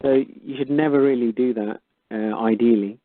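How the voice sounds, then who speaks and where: A man's voice: mid-range voice, steady tone, moderate pace, no echo. Rambling male co-host over a phone line. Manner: explanatory, loose and rambling. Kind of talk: call-in radio advice. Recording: tinny phone-line sound, dry.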